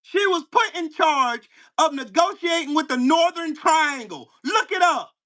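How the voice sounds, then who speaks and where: A man hosting his own channel, delivering a heated, profane political rant at a commenter, firing rhetorical questions and bursting into shouts. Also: very high-pitched, lively intonation, unhurried. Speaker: channel host. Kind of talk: angry political rant to camera.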